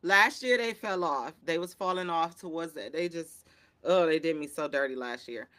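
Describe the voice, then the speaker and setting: A woman hosting a casual sports show, reacting with excitable, slangy chatter. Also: sits low, normal speed, slight background noise. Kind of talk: casual sports commentary chat.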